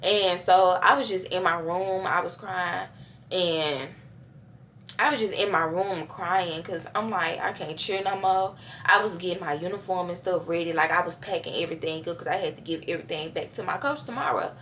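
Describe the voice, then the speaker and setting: A woman's voice: lowish voice, normal speed, fairly bright tone, slight background noise. A young woman vlogger telling a casual storytime, chatty and slangy, talking straight to her viewers with many fillers.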